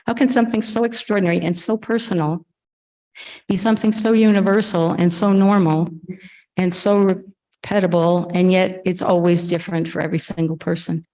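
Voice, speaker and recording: A woman's voice: fairly low pitch, dark tone, low-quality recording. A woman speaking earnestly and effusively at a club event, interviewing a guest, often restarting her sentences. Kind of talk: emotional conversational talk at an event.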